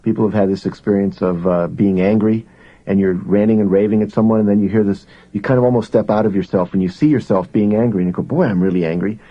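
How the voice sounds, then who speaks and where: A man's voice: lowish voice, steady tone, fast, muffled recording. A man giving a live self-help seminar to a room full of people, talking conversationally and asking the audience questions. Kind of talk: live motivational seminar talk.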